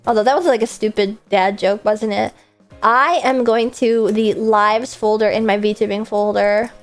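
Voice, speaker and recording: A young woman streaming late at night, reading fan questions aloud and answering in a chatty, self-deprecating way that slips into deadpan, tired and coming down from an energy drink. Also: mid-range voice, moderate pace, faint music behind. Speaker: VTuber streamer. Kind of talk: casual livestream Q&A, reading fan messages aloud.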